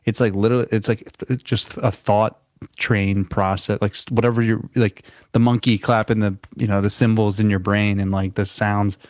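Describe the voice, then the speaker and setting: A man with a fairly low voice chats casually on a music podcast. He talks in halting stretches filled with "like" and restarts. The recording is dry and close. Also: little pitch movement, a little mellow, no echo. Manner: loose, halting, says "like" often. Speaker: podcast co-host.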